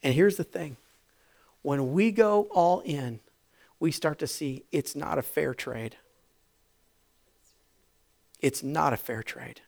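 High-voiced preacher swinging loud and soft. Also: male voice, takes it slowly, gravelly, long pauses. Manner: swings from loud shouting to hushed tones. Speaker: pastor. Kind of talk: sermon.

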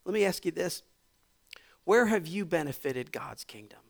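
A man preaching a sermon as pastor, dropping to hushed near-whispers and then building to loud, repetitive, emphatic climaxes. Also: sits high, expressive, normal speed, gravelly.

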